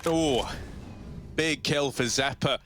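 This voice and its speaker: A man's voice: mid-range voice, slow, a bit bright, no room sound. A man giving chatty, analytical color commentary on a live esports match. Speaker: esports caster.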